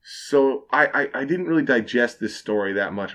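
A young man, a bartender, telling a wild story in casual podcast chat, animated and full of swearing. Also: medium pitch, normal speed. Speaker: bartender guest.

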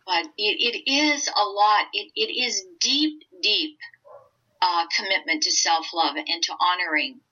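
An older woman coaching on mind and body, talking gently and earnestly in a casual interview. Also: on the low side, unhurried. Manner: gentle, earnest, speaks from the heart. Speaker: oncology coach, guest. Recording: dull lo-fi remote audio.

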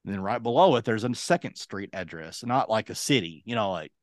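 A man's voice: lowish voice, a little fast, no room sound. Man telling a story in a dry, close voice. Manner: lively anecdote-telling, acting out other people's lines. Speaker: podcast co-host. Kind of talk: casual storytelling.

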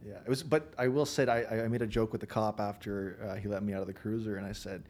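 A man's voice: fairly low pitch, steady tone, fast, hardly any pauses, a little mellow, slight background noise. A man, a contractor on a podcast, telling a wild story in a casual way, swearing freely and laughing as he goes.

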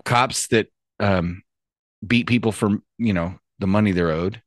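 A man's voice: fairly low pitch, a little slow, dry recording, studio quality. A man hosting a podcast in casual chat, telling long jokes with frequent laughter and swearing. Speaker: podcast host.

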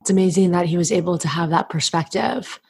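A woman hosting a casual interview, asking questions empathetically with animated reactions. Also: fairly low pitch, fast talker, gravelly, a little hiss or hum. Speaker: interviewer host.

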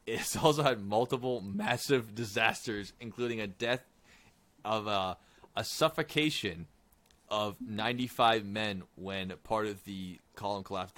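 A man's voice: on the low side, a bit bright, no room sound. A man hosting a trivia quiz on a podcast in casual, teasing banter, drawing out the answers as he reads them. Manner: jokey, teasing, drawn-out reading of answers.

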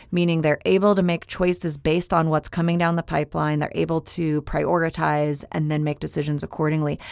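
Gravelly-voiced woman podcast co-host. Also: low voice, no room sound, clean studio sound. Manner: steady, reflective, explains in long runs. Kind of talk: casual podcast chat.

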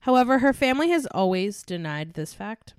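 Sing-song and a little fast, this young woman's medium-pitched voice is clear and resonant, with studio quality and no room sound. As a true crime podcast co-host, she chats giggly with her friend, then reads case notes to narrate a murder, laughing often.

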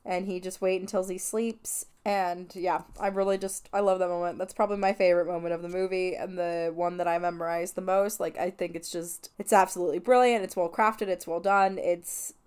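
Smooth-voiced young woman recapping rambly. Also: on the low side, steady tone, brisk, hardly any pauses, darkish tone. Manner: rambling, filler-heavy retelling. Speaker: podcast host. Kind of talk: casual film recap.

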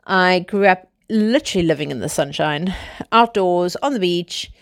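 A woman's voice: fairly low pitch, lively intonation, normal speed. A South African woman in her thirties, chatting casually to her viewers in a rambling way, full of "you know" and "like". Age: 30s. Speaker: vlogger. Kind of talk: casual chat to camera.

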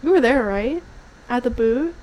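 A woman's voice: fairly high pitch, animated, normal speed, darkish tone, rough recording. A woman in her twenties from New Orleans with a local accent, co-hosting a casual podcast chat in a playful, joking way. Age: 20s. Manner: giggly, playful, jokey. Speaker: podcast co-host.

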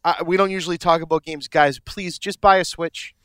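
A young man co-hosting a casual podcast chat, excitable and swearing, often restarting his sentences. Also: on the high side, fairly quick, clean tone, dry recording, clean studio sound. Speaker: podcast co-host.

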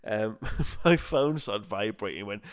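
Laughing lively man telling a story. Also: on the low side, measured pace. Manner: laughs often, acts out quotes in other voices. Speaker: podcast co-host. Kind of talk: casual chat, storytelling.

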